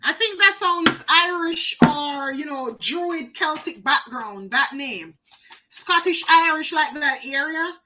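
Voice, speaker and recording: A woman's voice: sits high, expressive, takes it slowly, heavy background noise. A woman doing a live oracle card reading, chatty, talking to viewers by name and repeating phrases for emphasis.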